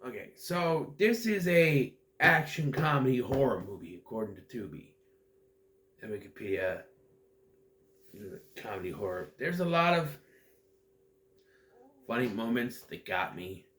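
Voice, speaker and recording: A man's voice: fairly high pitch, fairly bright tone. A man giving a casual, rambling movie recap that meanders and often loses its thread. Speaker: movie reviewer.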